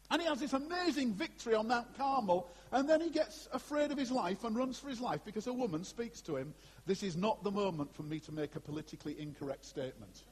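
Husky-voiced male pastor in a hall. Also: high-pitched, a little fast. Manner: animated and conversational, with asides to the congregation. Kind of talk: sermon. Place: church before a congregation. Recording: long hall reverb.

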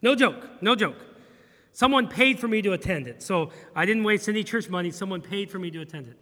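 A middle-aged man, a pastor, preaching a sermon in a church in an animated, humorous way, acting out bits of dialogue. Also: high voice, a little fast, in a large hall. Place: church sanctuary.

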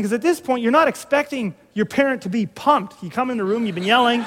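Middle-aged male pastor, high voice, loose joking storyteller, reverberant hall sound. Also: quick pace, hardly any pauses. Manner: conversational storytelling with restarts and humor. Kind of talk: sermon.

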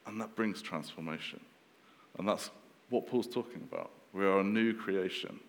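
A man in his thirties preaching a sermon in a relaxed, conversational way, with fillers and restarts. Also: deep voice, moderate pace, long reverb tail, a little hiss or hum.

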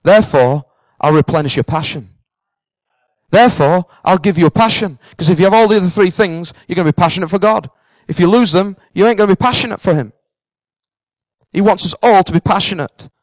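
A man's voice: high voice, quick pace, no echo, rough recording. A man preaching a sermon in an earnest voice that rises to fervent passion.

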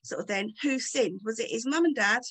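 A woman's voice: on the high side, animated, fast, fairly bright tone, rough recording. A woman giving informal bible teaching in a conversational, enthusiastic way with many fillers.

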